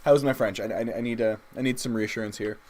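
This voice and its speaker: A man's voice: fairly low pitch, fairly even intonation, darkish tone. Rambling young man streaming. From Canada. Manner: rambling, halting, chatting with viewers while drawing. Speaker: streamer drawing live. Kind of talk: casual livestream chat.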